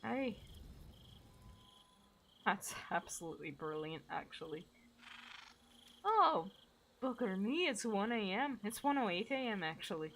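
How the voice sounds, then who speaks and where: A woman's voice: medium pitch, animated, moderate pace, vocal fry, slight background noise. A tired woman chatting playfully while streaming a game late at night. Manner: chatty, playful, self-mocking. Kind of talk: casual gameplay commentary. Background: game music.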